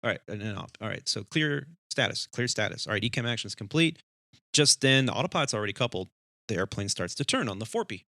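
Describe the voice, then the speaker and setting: Speaking fast in a lowish voice, a male airline pilot podcast co-host spins a cockpit story during casual chat. He's an animated storyteller who performs the voices of the people involved. The recording is dry with clean studio sound.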